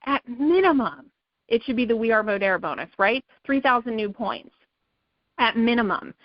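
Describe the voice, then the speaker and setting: A woman's voice: fairly high pitch, expressive, moderate pace, dry recording, muffled recording. A woman leading a sales team call, giving an emphatic motivational talk that keeps coming back to okay and right. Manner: emphatic, repetitive, pep-talk, says okay and right a lot.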